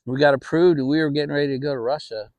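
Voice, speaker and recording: A man's voice: on the high side, racing, dry recording. Middle-aged man telling a story casually. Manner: relaxed, rambling, with restarts. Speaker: channel host. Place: home, relaxed fireside setting.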